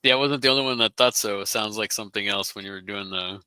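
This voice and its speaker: Laid-back man, very bright clear voice. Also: fairly low pitch, fast, no room sound. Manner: laid-back, reads viewer comments aloud. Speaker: host. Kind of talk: casual video-call chat.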